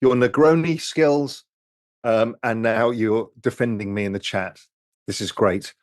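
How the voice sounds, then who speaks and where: A man hosting a relaxed live stream over drinks, answering viewer questions in a loose, rambling way and swearing freely. His voice sits at a middling pitch and is recorded close and dry, with no room echo. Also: measured pace. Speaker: host reading viewer questions.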